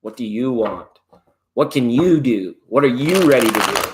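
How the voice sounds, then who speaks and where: A middle-aged man chats his way through a live tarot reading, loose and wandering, slipping in jokes as he goes. His voice sits at an ordinary male pitch and stays relaxed and conversational. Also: normal speed. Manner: loose and playful, drifts into jokes and snatches of song. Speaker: tarot reader hosting a live stream. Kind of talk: casual rambling live-stream chat.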